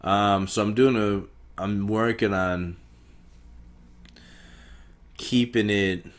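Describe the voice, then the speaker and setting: A man's voice: fairly low pitch, steady tone, slow pace. A young man rambling through a profane solo podcast monologue, talking in circles. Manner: rambling, profane, stream of consciousness. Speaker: podcast host.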